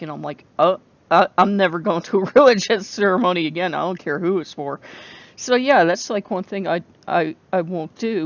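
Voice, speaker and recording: Gravelly vlogger, rambling and candid. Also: mid-range voice, dull audio. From United States. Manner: rambling, self-interrupting, laughs often; candid and emotional. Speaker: book vlogger. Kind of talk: casual talk to camera.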